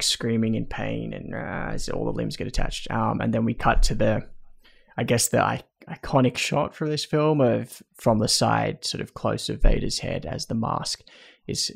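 A man's voice: lowish voice, creaky, slightly rough. A man co-hosting a casual chat, recapping film scenes in detail with asides and laughs. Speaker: podcast co-host recapping a film.

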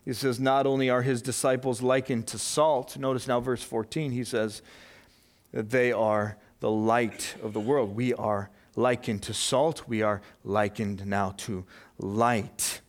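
A male pastor preaching a sermon, earnest and emphatic, building his points through repeated questions. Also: on the low side.

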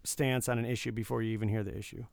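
A man's voice: on the low side, steady tone, very fast, creaky, darkish tone, no room sound. A middle-aged man from Detroit co-hosting a casual podcast, earnest and reflective, often hedging his points. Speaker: podcast co-host. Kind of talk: casual chat.

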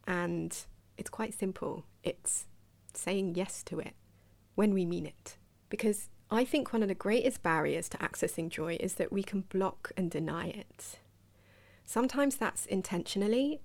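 Mid-range, gravelly, and a little mellow, this woman's voice carries her solo podcast, where she reflects in a chatty, wandering way and poses questions to the listener.

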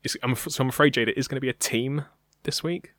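A man's voice: medium pitch, steady tone, quick pace, fairly bright tone, no room sound, clean studio sound. A young British man co-hosting a podcast, talking casually and hesitantly, with many ums. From Britain. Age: young adult. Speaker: podcast co-host. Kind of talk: casual chat.

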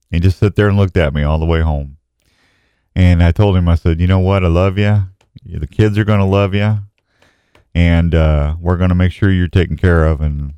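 A middle-aged man hosting a casual talk show, folksy and grieving, pausing slowly as he speaks. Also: low-pitched, a little mellow, smooth, no room sound. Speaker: radio show host.

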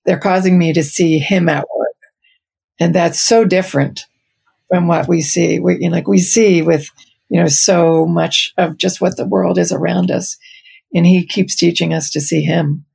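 A woman hosting a faith podcast, responding to her guest in an affirming, thoughtful and unhurried way. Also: fairly low pitch, fairly even intonation, vocal fry, a little mellow, slightly rough. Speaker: podcast host. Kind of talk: casual faith podcast chat.

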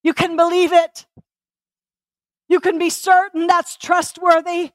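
A woman's voice: very high voice, level tone, measured pace, no room sound, clean studio sound. A woman preacher delivering a passionate sermon, repeating phrases and asking the congregation questions.

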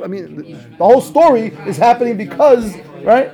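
A man, a rabbi, teaching a class on a scriptural text, asking questions and answering them himself in a lively way. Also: extremely high pitch, normal speed. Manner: animated, asks and answers his own questions. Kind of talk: Torah class commentary.

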